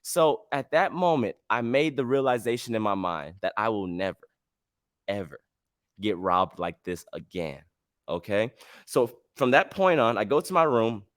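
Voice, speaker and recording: A man's voice: lowish voice, lively intonation, normal speed, a bit bright, no echo, studio quality. A man hosting a podcast, telling a travel story in casual slang and acting out the dialogue. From United States. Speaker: podcast host.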